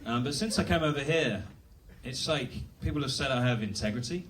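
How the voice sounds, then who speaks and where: Self-deprecating British comic, a bit off mic. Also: male voice, mid-range voice, animated, brisk, distant mic, a little hiss or hum. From Britain. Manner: self-deprecating, rambling, dry. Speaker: stand-up comedian. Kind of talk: stand-up comedy set. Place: comedy club stage.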